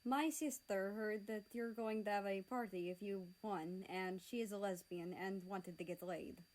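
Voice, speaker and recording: A woman's voice: mid-range voice, steady tone, unhurried, darkish tone, natural voice, poor audio. Cocky teasing teen boy, class president type, woman reading him.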